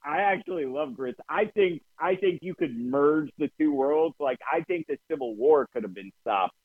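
Animated, cursing man. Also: a little high, moderate pace, breathy edge, no echo. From New Jersey. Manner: animated storytelling, swears freely. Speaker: podcast co-host. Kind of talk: casual chat. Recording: dry, phone-like lo-fi sound.

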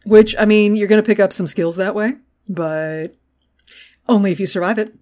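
Woman, podcast co-host, casual recap chat, animated, salty language, acts out lines. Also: medium pitch, moderate pace. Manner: animated, swears freely, acts out character lines.

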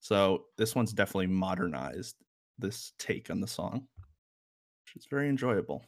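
A man's voice: deep voice, lively intonation, moderate pace, creaky. A man co-hosting a casual music review chat, rambling with lots of fillers and a wry, joking edge. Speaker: music podcast co-host.

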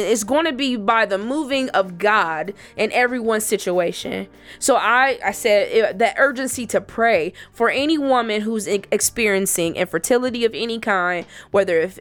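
A woman's voice: fairly high pitch, fairly bright tone. A woman giving a personal faith testimony to other women. She speaks earnestly and emphatically, repeating herself for emphasis.

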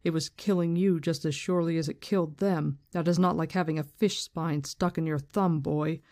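A calm, commanding woman in charge, as a reader gives her lines from a fantasy novel, firm and unhurried. The voice sits at a middle pitch, and each line is measured. It is a plain reading without much put-on voice. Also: natural voice. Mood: stern. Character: stern powerful woman leader, calm, commanding.

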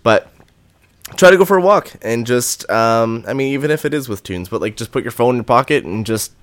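A man's voice: medium pitch, expressive, fairly quick, fairly bright tone, dry recording. A man co-hosting a casual podcast, laid-back and agreeable, with lots of fillers. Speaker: podcast co-host. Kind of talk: casual chat.

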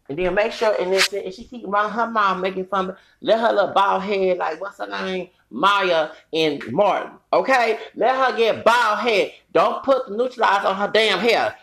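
A man's voice: high-pitched, gravelly, a bit bright. A man hosting a solo podcast, delivering a heated, profane, rambling rant with bursts of laughter. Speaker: podcast host.

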